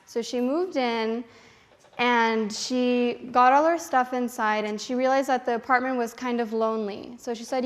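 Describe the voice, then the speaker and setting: Higher-voiced woman telling a children's story. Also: normal speed. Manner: animated, asks the children questions.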